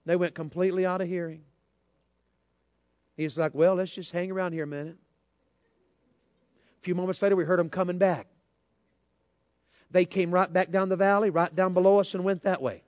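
A man's voice: high voice, steady tone, brisk, pauses often, a little mellow, no room sound. A man preaching a sermon, telling a folksy, joking story and addressing the crowd directly.

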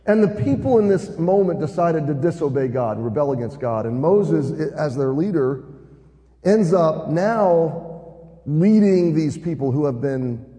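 A man's voice: fairly high pitch, dark tone, big-room sound. A man preaching a sermon, retelling the story in an earnest way and building emphasis as he goes.

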